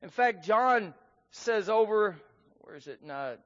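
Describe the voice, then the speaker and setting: A man's voice: sits high, expressive, a little slow, fairly bright tone. A man preaching a sermon in an earnest manner, reading scripture aloud with rising emphasis. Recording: muffled sound in a hall with long reverb.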